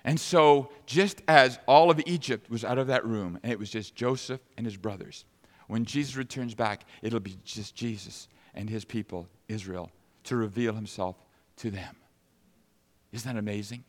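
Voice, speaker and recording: A man preaching a sermon, retelling a scripture story with dramatic, animated delivery. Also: lowish voice, moderate pace. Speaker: pastor. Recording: long reverb of a large hall.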